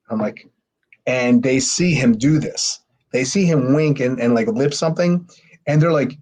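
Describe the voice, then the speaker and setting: A man, a former pro wrestler guesting on a podcast, telling a rambling, profane story and mimicking others in a high voice. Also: moderate pace. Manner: animated, mimics others with sharply raised pitch. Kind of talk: casual storytelling.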